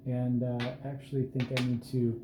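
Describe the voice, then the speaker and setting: A man giving an unhurried, plain-spoken walkthrough at an indoor reloading bench, with self-deprecating asides. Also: mid-range voice, completely flat delivery, noisy background. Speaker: host showing his hand loads. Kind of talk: casual hands-on explanation. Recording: roomy echo with faint ambience.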